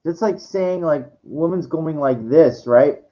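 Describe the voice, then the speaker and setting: A man's voice: a little high, animated, normal speed. A man in his forties ranting about his life, with many stammered restarts, frequent swearing and exasperated outbursts. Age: 40s. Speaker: monologue speaker. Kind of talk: rambling personal rant. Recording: dull lo-fi audio.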